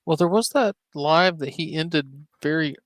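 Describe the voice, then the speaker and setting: A man's voice: a little high, measured pace, a bit bright, dry recording. A man co-hosting a show, making wry, mocking commentary over a stream in casual chat.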